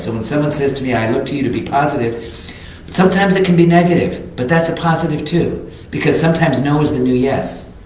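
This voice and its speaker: A man's voice: medium pitch, darkish tone, a little hiss or hum. Older guy preaching, earnest and reflective, big echo all around. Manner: reflective, earnest, reads quotes aloud. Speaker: minister. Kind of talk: sermon. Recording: very echoey sanctuary.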